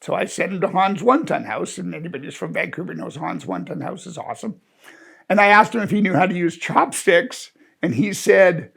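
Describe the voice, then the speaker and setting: A man's voice: high voice, lively intonation, moderate pace, gravelly, a bit bright, husky. A man in his sixties telling an amused, rambling personal anecdote in a chatty way. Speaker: storyteller. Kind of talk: casual anecdote.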